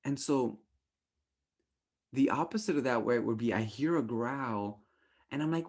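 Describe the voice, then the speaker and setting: A young man teaches a relationship class in a loose, animated way, checking in with listeners by asking "right?". His voice sits at a middle pitch, and he slips into playful voices to act out his own quoted thoughts. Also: unhurried, pauses often. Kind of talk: casual teaching talk.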